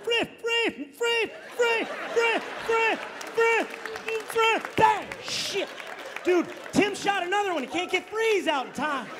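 A man's voice: very high voice, slow pace, crowd noise, pitched above the performer's own voice. A comedian acting out a stuttering male sheriff's deputy who keeps repeating syllables. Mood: flustered. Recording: live audience, clear background noise.

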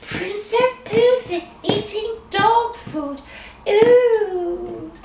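A woman's voice: very high voice, very slow, background noise, exaggerated voice. A woman voicing a kind, motherly magic teapot puppet, soothing and sing-song. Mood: kindly. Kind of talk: children's puppet show. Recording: roomy echo.

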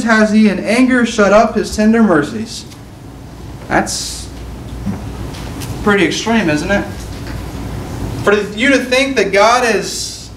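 A man's voice: high-pitched, a bit bright, slight background noise. A man preaching an earnest sermon, reading scripture aloud and restating it in plain words. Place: church sanctuary. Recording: echoey church room, mic at a distance.

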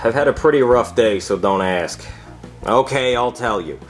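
A man playing a self-absorbed, petty doctor in a comedic puppet skit, who speaks in a self-pitying, snide and deadpan way. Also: medium pitch, normal speed, soft background music, natural voice.

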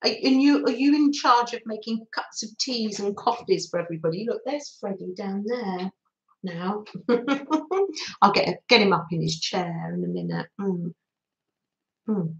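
A woman hosting a live craft stream, chatting warmly with viewers and giggling often. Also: mid-range voice, unhurried, echoey room, dull audio. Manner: chatty, giggly, talks through snacking. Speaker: livestream host reading viewer comments.

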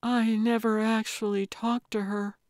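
A woman narrator voicing a frightened, tearful young woman in her late twenties, in a higher, softer, shaky voice. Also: little pitch movement, a little slow, dry recording, natural voice.

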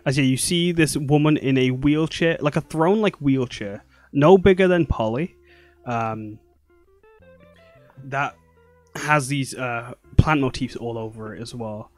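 A man's voice: mid-range voice, measured pace, soft background music. A man narrating as dungeon master, rambling with many fillers. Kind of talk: narrating a tabletop game.

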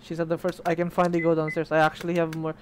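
Young man, gaming streamer, casual chatter, slightly high voice, faint background noise. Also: completely flat delivery, rapid-fire. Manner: chatty, swears, reads game text aloud. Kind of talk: casual let's play commentary.

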